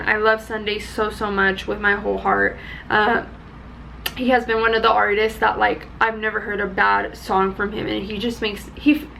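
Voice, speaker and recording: Excitable young woman, chatty vlogger; bright, forceful tone with a faint hiss behind her. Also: gravelly, low-quality recording. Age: young adult. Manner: chatty and excitable, high energy. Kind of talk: casual chat.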